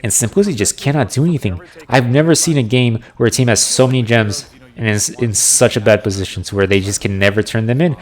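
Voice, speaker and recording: A man's voice: medium pitch, fast talker. Man casting live esports play-by-play. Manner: analytical, excited on big plays. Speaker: esports caster.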